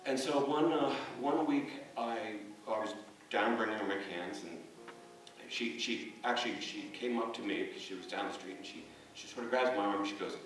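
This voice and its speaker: A man giving a rambling, hesitant memorial speech as a neighbor, telling stories with many pauses and fillers. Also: fairly low pitch, slight background noise. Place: church memorial service. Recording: echoey hall, distant mic, soft music.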